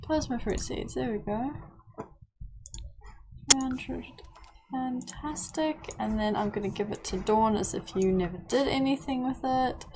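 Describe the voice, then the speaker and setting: A woman talks her way through a life-sim game, cooing at her characters and reading out menus. She speaks slowly, taking her time over each line. Steady background noise sits under her home recording. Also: high voice. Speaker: let's play host. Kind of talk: casual gameplay commentary.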